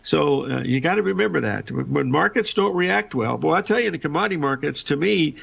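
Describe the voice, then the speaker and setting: Gravelly older man with folksy rambling talk. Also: fairly high pitch, expressive, a little fast, fairly bright tone. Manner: rambling, folksy, repeats words. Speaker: show host. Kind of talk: casual live market talk and storytelling. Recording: dull lo-fi broadcast audio.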